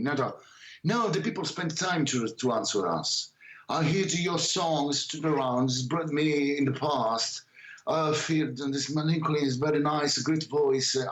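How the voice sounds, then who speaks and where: Roomy-sounding man, halting English. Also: fairly high pitch, fairly bright tone. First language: Italian. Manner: halting non-native English with many restarts. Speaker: musician guest. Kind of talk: casual interview chat.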